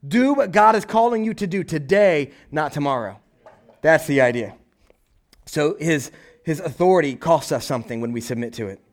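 Animated high-voiced male pastor. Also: moderate pace. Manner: animated, conversational preaching with frequent "right?" and acted-out quotes. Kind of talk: sermon.

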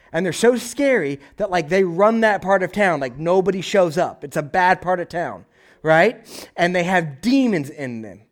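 A man delivering a sermon with a high-pitched voice. He talks in an animated, chatty way and slips into quick acted-out voices to tell the story. He keeps asking his listeners "right?". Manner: animated preaching, acts out voices, frequent "right?". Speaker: pastor.

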